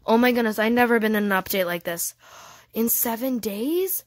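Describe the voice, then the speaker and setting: A woman giving casual, excitable gameplay commentary, gushing and giggly as she thinks aloud. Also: a little high, normal speed, no echo. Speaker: gaming channel host.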